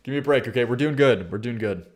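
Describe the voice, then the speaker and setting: A man's voice: mid-range voice, fast, background noise. A man hosting a casual music reaction livestream, rambling and swearing, often restarting his sentences and laughing at himself.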